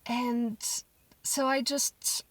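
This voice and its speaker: A young mother shares a personal parenting story in a soft, reflective way, pausing and restarting as she thinks. Her voice sits a little high and moves at an unhurried pace. She is heard from a short distance away in a dry room with no echo. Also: level tone. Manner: reflective, gentle, with frequent restarts and soft quoted asides. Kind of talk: casual personal storytelling to camera.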